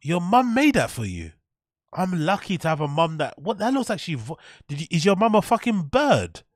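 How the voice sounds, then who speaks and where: A man reacts to a cooking video with casual, mocking commentary that is sarcastic and profane, and he laughs at his own jokes. His voice is high, and the studio-quality recording has no echo.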